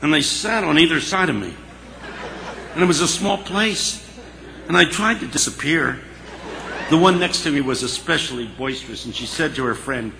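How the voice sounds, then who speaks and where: Gravelly, forceful male storyteller. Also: fairly high pitch, moderate pace, pauses often. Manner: animated, dramatic storyteller. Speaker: speaker. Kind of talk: storytelling speech. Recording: long hall reverb, faint hiss.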